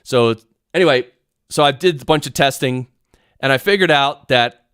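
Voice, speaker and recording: A man with a smooth, resonant voice at an ordinary pitch, teaching podcast audio on a live stream in a home studio. He rambles excitedly and keeps breaking off his own sentences. The sound is close and dry, straight into a studio mic. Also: normal speed, long pauses, no room sound. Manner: rambling, excitable, self-interrupting. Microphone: studio mic through audio recorder.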